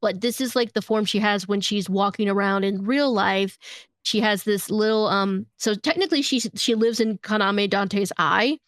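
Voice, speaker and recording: A woman's voice: medium pitch, moderate pace, a bit bright, dry recording, studio quality. A woman co-hosting a podcast, explaining in an easygoing, fond way. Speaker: podcast co-host. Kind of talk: casual chat.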